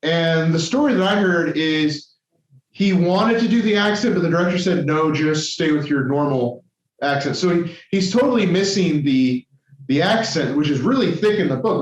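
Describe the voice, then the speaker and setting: A man co-hosts a casual podcast, rambling and correcting himself as he talks. His voice sits a bit high for a man. The recording sounds roomy and dull, with a lo-fi edge. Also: normal speed. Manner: rambling, self-correcting, many restarts. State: tired and caffeinated. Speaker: podcast co-host.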